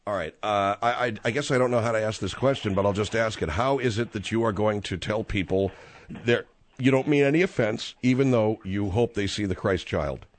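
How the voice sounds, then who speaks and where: A man's voice: lowish voice, brisk, no room sound. A man hosting a radio call-in show, pressing a caller with incredulous questions. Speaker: radio host.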